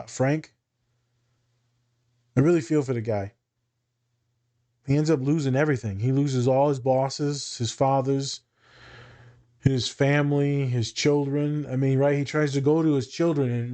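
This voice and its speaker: A man in casual conversation who speaks like a working therapist reflecting aloud. His delivery is blunt and profane. The humor stays dry and understated, and his pitch sits in an ordinary middle range. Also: steady tone, measured pace, long pauses, mellow. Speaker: therapist and teacher. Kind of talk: casual podcast chat.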